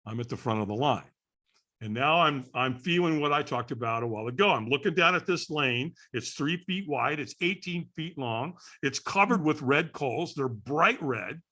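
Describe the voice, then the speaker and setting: A man in his sixties from California, a podcast guest telling a story in an animated way, acting out the voices of the people in it. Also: a little high, normal speed. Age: 60s. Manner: lively storyteller acting out voices, frequent "right?".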